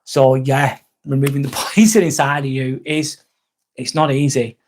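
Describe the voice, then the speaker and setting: A middle-aged Englishman talks casually on a live stream, wandering from topic to topic and reading viewer comments aloud. His voice is medium-pitched and level in tone, at a moderate pace.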